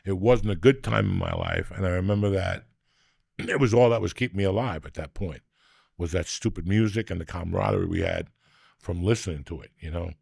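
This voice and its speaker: Gravelly older man, profane storyteller. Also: deep voice, fairly quick, a little mellow, dry recording, clean studio sound. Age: 60s. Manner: profane, rambling, teasing storyteller. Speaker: podcast host. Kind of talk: casual chat and storytelling.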